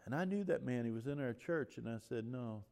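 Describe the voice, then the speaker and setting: Man, middle-aged, preaching a sermon, church, animated, swells louder on emphasis, halting restarts. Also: mid-range voice, gravelly. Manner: animated, rising loud on emphasis, restarts and fillers.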